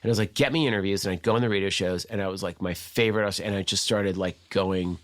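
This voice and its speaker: A man, a guest on the show, telling a casual anecdote in a fast, profane storytelling manner. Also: sits low, fairly even intonation.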